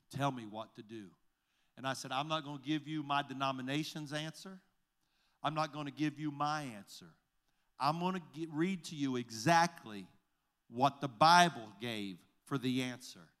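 A male pastor telling a story in a sermon, recounting conversations line by line with many "I said, he said" turns and halting restarts. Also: medium pitch, a bit bright. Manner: recounts conversations, retelling each exchange with repeated "I said, he said"; halting restarts and repeated words.

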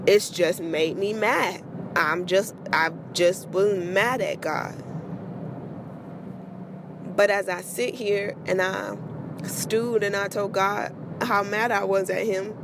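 A woman's voice: medium pitch, noisy background. A woman hosting a personal faith podcast, speaking candidly and emotionally in a conversational way. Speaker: podcast host.

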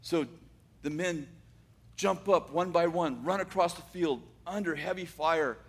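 A man telling a dramatic story, swinging from loud bursts to hushed asides. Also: fairly high pitch, a little slow, slightly rough.

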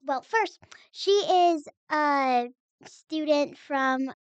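A teenage girl, a guest on a casual podcast, talking haltingly and searching for words. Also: high-pitched, no echo, highs cut off. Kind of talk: casual chat.

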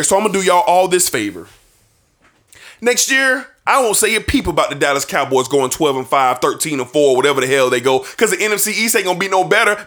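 A man in his thirties hosting a sports talk show, ranting passionately about his team's playoff loss and sometimes rising to shouts. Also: sits high. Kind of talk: heated sports opinion rant.

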